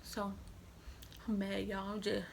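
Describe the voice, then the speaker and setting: 18-year-old woman, creaky voice, rambling storyteller, noisy traffic behind. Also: mid-range voice, monotone, takes it slowly. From Atlanta, Georgia. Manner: rambling, repeats filler "or whatever". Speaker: vlogger. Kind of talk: storytime vlog.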